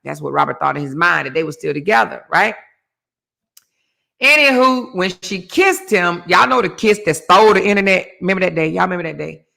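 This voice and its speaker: A man's voice: high-pitched, brisk, vocal fry, sharp tone. A man hosting a gossip show, telling celebrity drama in a sassy, theatrical way and calling his audience honey and child. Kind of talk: animated celebrity gossip chat.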